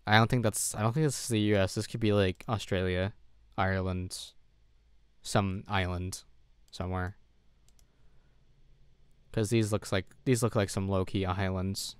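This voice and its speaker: The recording is dry, and the man's low, smooth voice keeps fairly even intonation at a normal speed. Gaming on a stream from home, he offers casual commentary, thinking aloud, second-guessing himself and sounding worn out.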